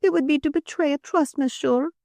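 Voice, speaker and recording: A woman doing a coquettish young wife, high and pleading. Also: fairly quick, creaky, mellow, no echo, clean studio sound. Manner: breathless, imploring, theatrical. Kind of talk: audiobook character voice.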